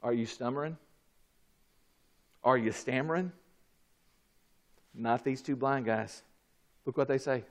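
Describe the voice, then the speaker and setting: A man delivers a sermon in a slow, deliberate way, alternating between loud, forceful shouts and hushed, low asides.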